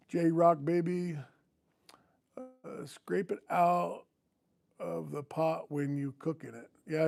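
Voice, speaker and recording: A man's voice: on the high side, vocal fry, a little mellow. A middle-aged man, hosting a casual garage livestream, chatting with viewers and telling stories with chuckles. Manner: folksy storytelling with chuckles.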